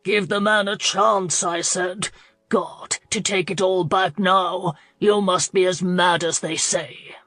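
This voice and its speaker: A woman's voice: fairly low pitch, fairly even intonation, slow pace, fairly bright tone, no room sound, clean studio sound, faint music behind. Woman voicing an angry blustering older earl. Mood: furious. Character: furious older male earl.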